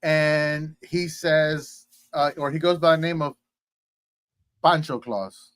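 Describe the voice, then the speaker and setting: A man's voice: a little high, steady tone, takes it slowly, fairly bright tone, clean tone, no echo. A man from Texas, a guest on a casual interview, telling rambling stories full of fillers and playful asides. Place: at home in Houston.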